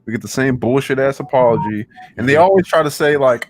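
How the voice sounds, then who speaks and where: Man, blunt, profane, scornful, casual podcast talk, mid pitch, animated intonation. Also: fast.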